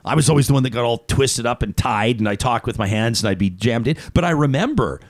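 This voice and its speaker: A man's voice: medium pitch, expressive, fast talker, dry recording, clean studio sound. A man hosting a radio talk show, chatting casually and rambling, often laughing as he reads out listener comments. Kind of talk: casual call-in radio chat.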